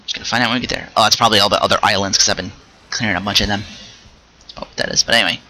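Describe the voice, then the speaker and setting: A man hosting a casual solo podcast, rambling and restarting his sentences, with quick asides while he plays a game. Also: lowish voice, steady tone, sharp tone, poor audio. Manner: rambling, stops and restarts mid-thought; chatty, with short asides while playing a video game. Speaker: podcast host.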